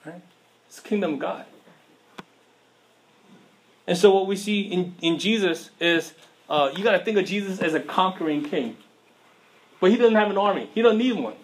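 Guy giving a laid-back sermon, kinda high voice, lots of slang and "right?" questions to the crowd. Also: expressive, a little fast. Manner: casual, conversational preaching with slang and rhetorical questions. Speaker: preacher.

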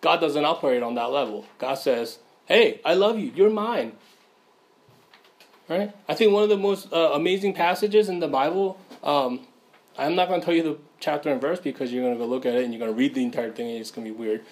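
A man preaches in a loose, conversational way, full of "um"s and quick "right?" checks. His voice sits a little higher than most men's. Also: darkish tone. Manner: casual, many fillers, asks "right?" often. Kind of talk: informal sermon.

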